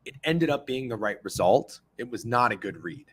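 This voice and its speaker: A man in his thirties hosting a sports betting stream, talking casually and excitably with lots of profanity while reacting to his chat. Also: medium pitch, normal speed, slightly rough. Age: 30s.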